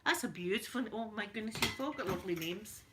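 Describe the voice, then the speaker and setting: A middle-aged woman with a Scottish accent talks casually to her live stream, bright and clear in tone. She greets viewers by name between stories and laughs easily. A faint background hiss sits under her voice. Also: mid-range voice, animated, fast. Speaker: vlogger.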